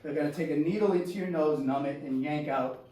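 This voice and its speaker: A man doing solo stand-up storytelling on a theater stage, animated and acting out his family, sometimes shouting punchlines. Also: a little high, a little fast. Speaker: stand-up comedian. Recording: echoey room, voice from far off.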